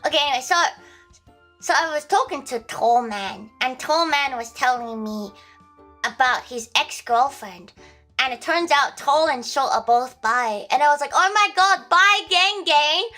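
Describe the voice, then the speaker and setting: Woman streamer, high and bright, casual rambling storyteller with lots of restarts and laughs; faint music bed. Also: moderate pace. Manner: rambling, many restarts, laughs at own jokes.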